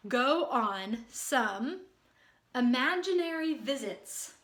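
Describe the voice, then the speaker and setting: Slow sing-song woman teaching kids. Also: high-pitched, a bit bright, reverberant. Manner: slow, sing-song call-and-response with children. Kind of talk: children's social studies lesson.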